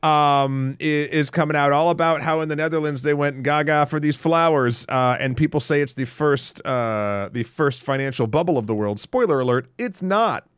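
A man's voice: a little high, moderate pace, hardly any pauses, fairly bright tone, clean tone, no room sound. Jokey male podcast co-host, dry sound. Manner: rambling and jokey, many restarts. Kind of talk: casual chat.

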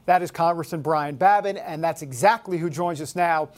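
A man hosts a casual political talk show. His voice sits high for a man, and he talks in a loose, joking way, full of sarcastic asides. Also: normal speed.

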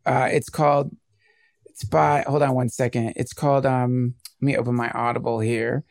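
A man in casual conversation, talking in a rambling, animated way and often breaking off mid-thought. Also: mid-range voice, normal speed, creaky, dry recording, clean studio sound. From United States. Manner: rambling, animated, self-interrupting.

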